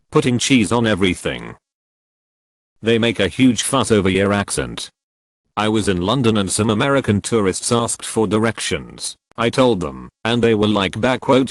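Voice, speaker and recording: A man's voice: lowish voice, big pitch swings, moderate pace, no room sound. A man narrating, reading out a list of online comments. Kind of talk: scripted narration.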